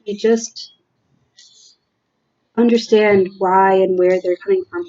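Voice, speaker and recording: A woman giving a tarot reading from a room at home, talking in a slow, halting, reflective way with many fillers. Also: mid-range voice, fairly even intonation, mellow, muffled recording. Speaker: tarot reader.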